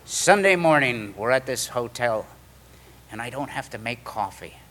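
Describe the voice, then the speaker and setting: Bright-voiced man telling a story. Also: medium pitch, normal speed, slight background noise. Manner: animated storyteller, acts out quoted voices. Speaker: speaker sharing his recovery story. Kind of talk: storytelling talk to a meeting.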